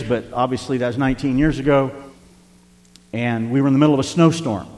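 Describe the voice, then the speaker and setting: An older man preaching a sermon as pastor, telling a personal story in an earnest, tender way to his congregation. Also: mid-range voice. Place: church sanctuary. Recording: long hall reverb.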